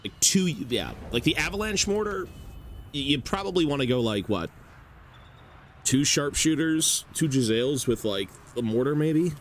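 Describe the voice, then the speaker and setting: A man's voice: on the high side, animated, moderate pace, slight background noise. A man streaming, talking loosely through a strategy game match with plenty of fillers. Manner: loose, rambling, filler-heavy. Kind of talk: casual game commentary.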